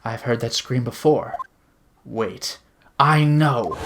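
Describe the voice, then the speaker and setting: A man's voice: mid-range voice, slow pace, a little hiss or hum. A male streamer making amused, offhand comments while playing a game. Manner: amused, offhand remarks between read lines.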